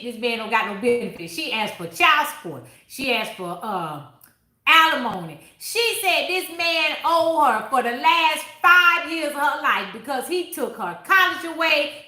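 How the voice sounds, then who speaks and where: A woman's voice: high voice, pushed and bright, echoey room. A woman hosting a book club review in casual chat, talking bluntly and with plenty of profanity, and breaking off to answer viewers mid-sentence.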